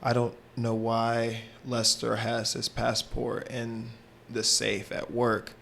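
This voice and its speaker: A man's voice: medium pitch, completely flat delivery, takes it slowly, vocal fry, fairly bright tone, slight background noise. A man co-hosting a podcast, bantering and arguing his points in casual chat. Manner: joking, argumentative banter. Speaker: podcast co-host.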